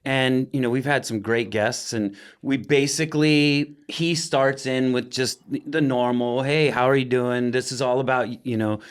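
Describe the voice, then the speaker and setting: A man in a casual podcast chat at an ordinary middle pitch, telling self-mocking stories. He rambles and restarts as he talks. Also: fairly even intonation, unhurried, few pauses, clear, resonant tone. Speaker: podcast guest.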